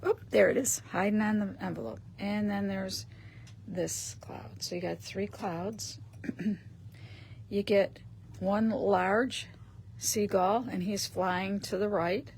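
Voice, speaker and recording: A woman talking slowly and casually while she demonstrates a craft, her voice gravelly with plenty of fry. She thinks aloud and clears her throat often. A faint hiss of noise sits under the recording. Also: mid-range voice, steady tone, darkish tone. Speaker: host of a craft shop live stream. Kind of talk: casual demonstration on a live stream.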